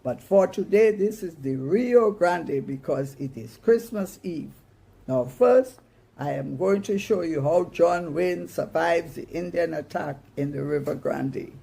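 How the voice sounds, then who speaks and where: A woman's voice: lowish voice, a little slow, gravelly, dark tone, slightly rough, exaggerated voice. Woman doing an eager, bossy young boy. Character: excited young boy playing cowboy.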